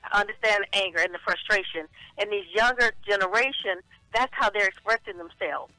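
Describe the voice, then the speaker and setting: A woman co-hosting a casual talk radio show, speaking in a measured, reflective way with affectionate greetings. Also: mid-range voice, sharp tone, dry recording, faint music behind, poor audio. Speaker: show regular and co-host.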